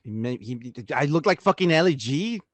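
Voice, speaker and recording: A man's voice: a little high, lively intonation, moderate pace, dry recording. A man co-hosting a podcast in casual chat, laid-back and giggly, teasing his friend. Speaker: podcast co-host.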